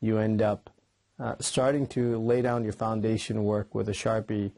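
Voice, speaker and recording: A man with a lowish voice walks viewers through a drawing tutorial in a casual, chatty way. He pauses often on "uh" as he sketches. The sound is close and dry, with no room around it. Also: little pitch movement, gravelly, warm tone, no room sound. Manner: casual and chatty, with frequent "uh" fillers. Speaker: drawing channel host. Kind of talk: tutorial talk while sketching.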